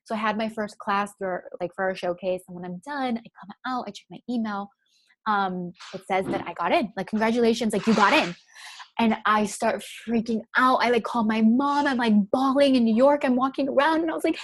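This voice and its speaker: A woman's voice: on the high side, a little fast, no echo. A young woman telling a personal story in a chatty way, filling her speech with "like". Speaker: guest.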